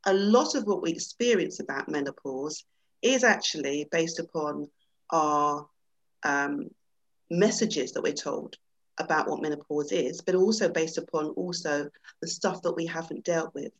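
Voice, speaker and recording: A woman's voice: deep voice, unhurried, low-quality recording. A middle-aged woman, a panel guest, who talks reflectively and then reads a story aloud with dramatic swings over a video call.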